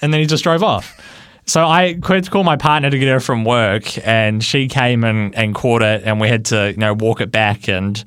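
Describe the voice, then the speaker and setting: A man telling a personal story on the radio, animated and lively, laughing along. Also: mid-range voice, moderate pace, smooth, no echo, clean studio sound. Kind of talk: casual anecdote.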